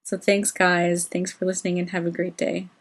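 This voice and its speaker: A woman's voice: fairly low pitch, level tone, moderate pace. Chatty woman book vlogger. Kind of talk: casual book discussion.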